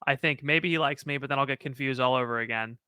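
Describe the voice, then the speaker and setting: Bright, crisp-voiced male podcast co-host. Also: mid-range voice, fast, no room sound, clean studio sound. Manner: playful, reads listener questions aloud. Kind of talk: casual comedic chat.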